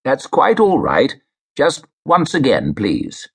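A male narrator voicing a kind, patient judge who speaks gently and encouragingly. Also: mid-range voice, huge pitch swings, slow pace, gravelly, husky, pitched above the performer's own voice, heavily acted. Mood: coaxing.

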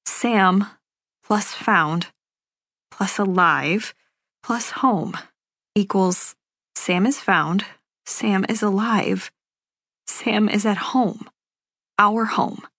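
Slow, measured woman narrating a novel. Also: mid-range voice, a bit bright, no room sound, clean studio sound. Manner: measured, unhurried first-person telling. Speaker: audiobook narrator. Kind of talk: scripted first-person audiobook narration.

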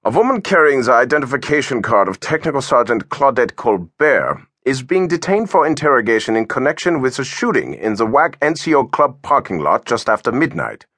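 A man's voice: mid-range voice, very animated, brisk, few pauses, a bit bright, no room sound, clean studio sound, voice pushed up. A man voicing a blunt male army investigator with a Pennsylvania Dutch accent, curt and questioning.

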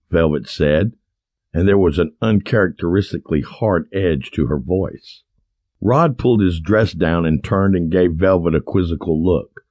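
A man reading an audiobook in scripted narration, lively and expressive. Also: sits low, normal speed, no room sound, studio quality.

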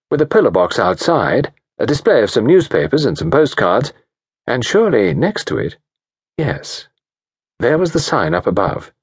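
Husky, expressive audiobook narrator, a man. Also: mid-range voice, no room sound, studio quality. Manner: measured, expressive storytelling. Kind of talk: scripted narration.

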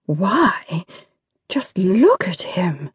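A woman's voice: on the high side, very animated, slow, a little mellow, breathy edge, no room sound, studio quality, heavily acted. A woman reading an audiobook, voicing a prim female governess with a clipped, proper manner. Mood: awed. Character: prim female governess, stern but smitten.

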